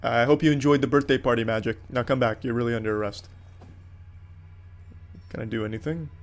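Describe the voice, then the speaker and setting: A man's voice: medium pitch, brisk, soft background music. A man giving comedic gameplay commentary in a crude, sarcastic, mock-heroic way. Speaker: gaming commentator.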